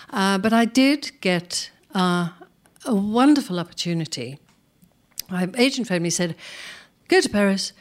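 An older woman telling career anecdotes to a live audience, animated, acting out what people said and laughing often. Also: mid-range voice. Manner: animated, acts out quoted speech, laughs often. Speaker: performer telling career stories.

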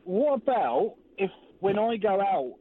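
Male phone-in caller, high and hesitant, tinny phone-line sound. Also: big pitch swings, a little slow. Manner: hesitant, repeats words, worried. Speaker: radio caller. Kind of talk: phone-in call.

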